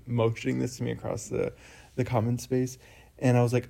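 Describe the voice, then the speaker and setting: A young man co-hosting a casual faith talk, telling stories in a chatty, animated way with lots of fillers. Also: mid-range voice, fairly quick, gravelly. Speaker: podcast co-host.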